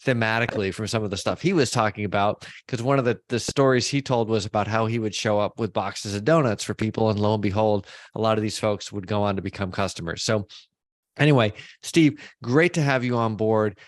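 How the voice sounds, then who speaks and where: Podcast host, man in his thirties, low and dry-sounding, relaxed and joking. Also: brisk, no room sound. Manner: easygoing, joking, asks long questions. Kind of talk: casual podcast interview.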